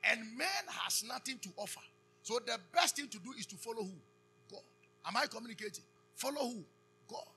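A man with a Ghanaian accent preaching a sermon, calling out questions for the congregation to answer and building to loud emphasis. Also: very high voice, fairly quick, creaky, soft background music. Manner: call-and-response preaching, loud rising emphasis. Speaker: pastor.

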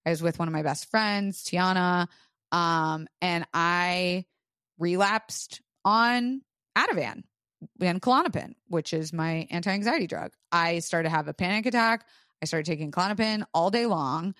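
A woman's voice: lowish voice, a little slow, a bit bright, smooth, dry recording, studio quality. Frank, swearing woman podcast host. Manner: frank, profane storytelling with lots of "like". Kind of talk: casual chat.

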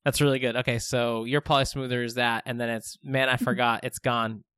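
A man in casual comedic banter who rambles into goofy made-up scenarios and keeps them going. His voice sits at a middling pitch. It sounds close and dry, with no room around it. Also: level tone, fairly quick, a bit bright, clear, resonant tone, no echo. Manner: joking, spins long silly bits. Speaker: podcast co-host.

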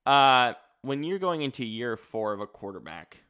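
A man co-hosting a casual sports podcast, talking emphatically, rambling and quick to joke. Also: medium pitch, expressive, pushed and bright, clear, resonant tone. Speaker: podcast co-host.

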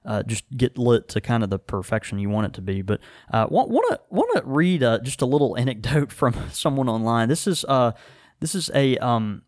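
A man's voice: medium pitch, sing-song, moderate pace, darkish tone, no room sound, studio quality. A man hosting a casual podcast about pipe tobacco, rambling with many fillers and laughing easily. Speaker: podcast host. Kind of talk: casual chat.

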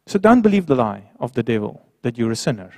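A man preaching a sermon who swings between quiet, low passages and raised, emphatic ones. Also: sing-song, quick pace, no room sound, clean studio sound.

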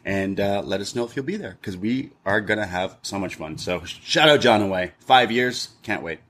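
A man's voice: fairly low pitch, lively intonation, normal speed, a bit bright. Upbeat man plugging a podcast event. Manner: upbeat, promotional, loose filler-heavy talk. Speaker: podcast co-host. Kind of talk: casual chat.

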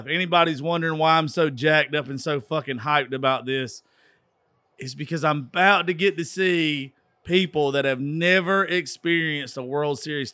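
A tipsy Southern-accented radio host from Georgia, USA, runs a rowdy, profane live sports call-in style show, delivering drunk commentary. His voice is a little high, fairly bright and smooth, in studio quality with no room sound.

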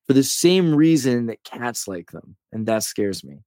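A man in his thirties from California, a podcast guest telling rambling, animated stories in casual conversation. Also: medium pitch, a little slow, no room sound, studio quality. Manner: rambling, animated storyteller who says "dude" and "like".

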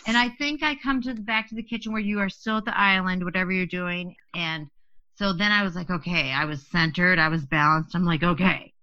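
A middle-aged woman hosting a podcast, telling a funny story with lively, profane retellings of her own reactions. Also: lowish voice, a little fast, dry recording, dull audio. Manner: animated, swears freely, acts out her own past lines. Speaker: podcast host.

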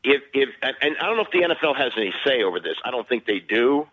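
Boğuk hatta konuşan erkek spor yorumcusu. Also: male voice, medium pitch, sing-song, quick pace, highs cut off. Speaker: guest sports broadcaster. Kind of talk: casual sports chat.

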